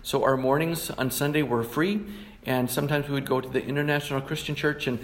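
A man's voice: mid-range voice, fairly even intonation, fairly quick. A middle-aged man, a pastor, preaching a sermon and reading scripture passages in a plain teaching tone.

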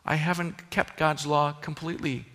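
Pastor guy preaching, bright ringing voice, fairly high, big hall echo. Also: little pitch movement, normal speed. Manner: earnest preaching, rising emphasis with frequent restarts. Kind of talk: sermon.

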